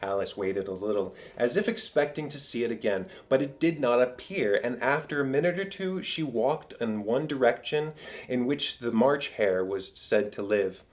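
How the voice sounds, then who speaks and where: A man narrating an audiobook of a classic tale, with a measured storytelling delivery. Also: medium pitch, animated. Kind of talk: scripted narration.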